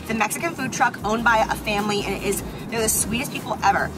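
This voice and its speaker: A woman's voice: on the high side, fast talker, music in the background. A woman vlogging in a casual, gushing chat, full of "like" and giggles. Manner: chatty, gushing, sprinkled with "like" and giggles. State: hungover and tired.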